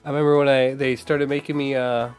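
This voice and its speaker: A man's voice: mid-range voice, flat delivery, fast, a little mellow, smooth, soft background music. A man streaming a game, ranting casually with heavy swearing and frequent laughter. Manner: profane, rambling, laughs often.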